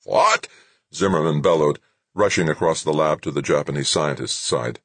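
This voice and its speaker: A man narrating an audiobook in a measured storytelling manner. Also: rumbling low, breathy edge, no room sound.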